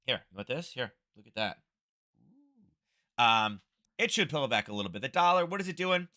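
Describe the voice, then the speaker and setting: Male stream host, slightly hoarse, casual rambling delivery, close-miked at home. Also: mid-range voice, big pitch swings, normal speed, sharp tone. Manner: rambling, thinking aloud, chuckling asides. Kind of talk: casual livestream chat. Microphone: close-up desk microphone.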